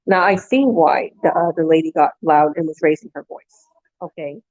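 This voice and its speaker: A woman's voice: low voice, moderate pace, darkish tone, lo-fi sound. Woman rambling through a story. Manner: rambling anecdote with restarts and acted-out quotes. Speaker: vlogger. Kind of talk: casual storytelling.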